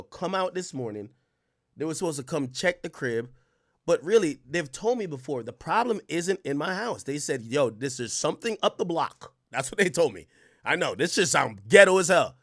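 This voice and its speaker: A man hosting a livestream, telling a story in casual slang, animated and sometimes loud. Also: fairly high pitch, a little fast, dry recording, clean studio sound. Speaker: streamer host.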